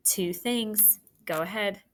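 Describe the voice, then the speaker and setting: A woman teacher leading a dictation exercise with clear, upbeat instructions. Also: medium pitch, slow pace, a little hiss or hum.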